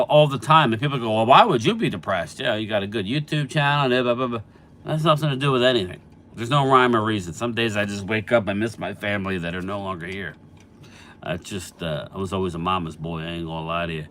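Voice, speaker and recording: There's a little hiss or hum behind this middle-aged man's fairly low, fairly bright voice. He casually runs a football live stream, reading viewer names aloud and responding to them, and his allergies leave him a bit stuffy.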